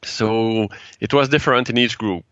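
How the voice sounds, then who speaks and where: A man from Quebec with a French-Canadian accent, a native French speaker being interviewed about the events he organizes, speaking halting English and searching for words. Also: on the low side, a bit bright, dry recording, lo-fi sound. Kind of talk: casual interview chat.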